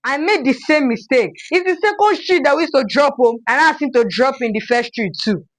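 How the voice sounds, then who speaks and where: A young woman with a Nigerian accent, telling a storytime vlog in an animated, dramatic way and acting out the scenes. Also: high-pitched, a little fast, no echo, poor audio. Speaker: vlogger.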